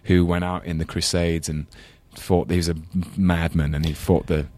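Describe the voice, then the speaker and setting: Deep-voiced Englishman with a London accent. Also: level tone, normal speed, darkish tone, no room sound. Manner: thoughtful, rambling with fillers and self-deprecating laughs. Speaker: guest. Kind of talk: casual interview chat.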